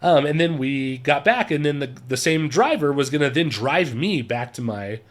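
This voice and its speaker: Man vlogger, a bit high-pitched, laughs often while telling a trip story. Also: expressive, moderate pace. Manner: chatty, laughs often, acts out quotes. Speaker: travel vlogger. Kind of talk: casual storytelling.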